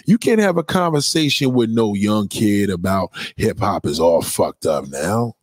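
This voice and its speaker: A man's voice: on the low side, lively intonation, unhurried, no echo. A man giving blunt, profane opinions in a casual, emphatic rant, often repeating himself. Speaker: commentator.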